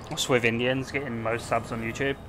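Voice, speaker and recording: Young guy streaming, chatty and rambly, middle pitch, faint hiss underneath. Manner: rambling, offhand, peppered with "like" and swearing. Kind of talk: casual livestream chat while gaming.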